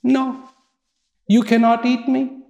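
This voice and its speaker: A man's voice: very high voice, monotone, slow, gravelly, darkish tone, echoey room, voice pushed up, heavily acted. A man voicing a small clever rabbit who defiantly stands up to a lion in a spoken fable. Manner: defiant, insistent.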